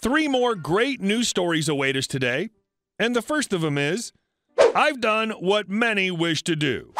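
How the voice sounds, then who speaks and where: A man narrating online stories in a scripted reading, with lively delivery. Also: sits high, measured pace. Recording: faint background music.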